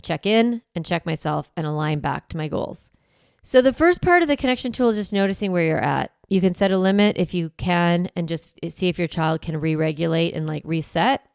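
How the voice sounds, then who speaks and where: A woman's voice: fairly low pitch, creaky, clean tone, no echo, clean studio sound. A woman podcast host coaching parents in a conversational, encouraging way. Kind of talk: podcast teaching monologue.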